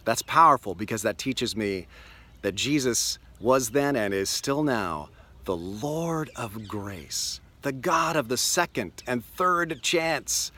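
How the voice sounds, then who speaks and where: A pastor giving a daily video devotional outdoors on a lakeshore beach, telling the story earnestly and slowing down for emphasis. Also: male voice, medium pitch, expressive, sharp tone.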